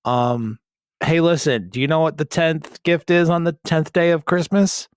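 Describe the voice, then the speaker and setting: A man's voice: fairly high pitch, steady tone, normal speed, smooth, no room sound, studio quality. A man hosting a podcast in casual comedic chat, reading a post aloud with sarcastic, profane asides. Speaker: podcast host.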